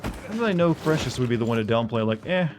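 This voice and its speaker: Dry monotone male game streamer. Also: medium pitch, fast talker, background noise. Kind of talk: casual chat while streaming a game.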